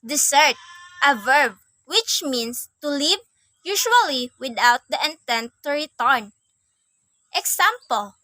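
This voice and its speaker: A young woman student reading a class assignment aloud, reciting definitions and examples in a careful, measured way. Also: high voice, pushed and bright, no echo, poor audio.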